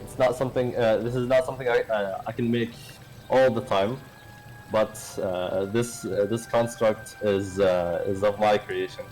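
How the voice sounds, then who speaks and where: A man voicing an ambitious, boastful male engineer, speaking haltingly with many fillers. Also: on the low side, steady tone, a little mellow, faint music behind, natural voice, poor audio.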